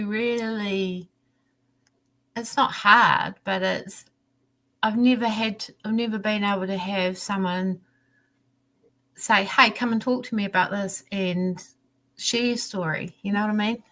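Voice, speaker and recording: A woman talks candidly on a video call, rambling with many restarts and small laughs. Her pitch sits in a middle range for a woman. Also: a little slow, fairly bright tone. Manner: rambling, restarts often, laughs, acts out her son's pleading. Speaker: livestream guest. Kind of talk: candid personal chat.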